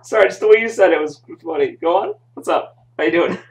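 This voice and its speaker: A man's voice: sits high, fast talker. A man co-hosting a podcast in casual chat, cutting in with jokes and asides. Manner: joking, interjecting. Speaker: podcast co-host.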